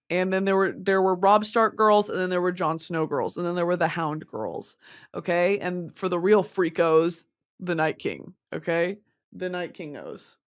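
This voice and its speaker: A young woman vlogging in casual chat, rambling, gushing and giggling as she talks to her viewers. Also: mid-range voice.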